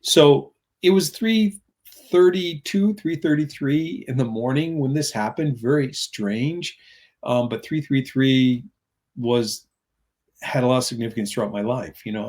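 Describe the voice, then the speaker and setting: A man's voice: mid-range voice, unhurried, a little mellow. A middle-aged man talking as an interview guest, earnest and rambling, telling personal stories and acting out what others said. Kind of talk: conversational storytelling.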